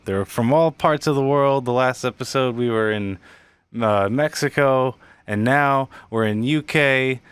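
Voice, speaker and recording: A man's voice: mid-range voice, clean tone, no room sound. An American man hosting a podcast in casual chat, enthusiastic and swearing freely, with a lot of filler words. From United States. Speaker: podcast host.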